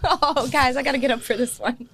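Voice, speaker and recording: A woman's voice: sits high, steady tone, brisk, fairly bright tone, slight background noise. A woman in her thirties hosting a podcast, gushing and teary, laughing through happy tears. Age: 30s. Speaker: podcast host. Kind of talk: emotional casual chat.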